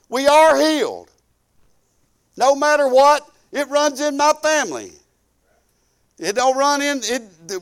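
An older man preaching with a drawl and a strikingly high voice. He hammers points through repetition and folksy, storytelling asides, acting out little quoted conversations as he goes. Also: a little slow, clean tone. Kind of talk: sermon.

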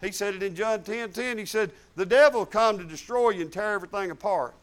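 A man's voice: high voice, brisk. A middle-aged man preaching a sermon in a folksy, emphatic way, repeating phrases for stress.

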